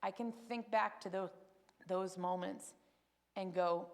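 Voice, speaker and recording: Emotional woman with gravelly voice. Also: mid-range voice, slow, long pauses. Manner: emotional, animated storytelling with acted quotes. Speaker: testimony speaker at church. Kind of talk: spoken personal testimony.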